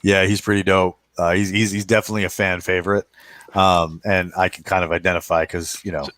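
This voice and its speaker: A man's voice: low-pitched, little pitch movement, brisk, a bit bright, no room sound. A man hosting a podcast in casual chat, talking in a loose, rambling way with restarts and slang. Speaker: podcast host.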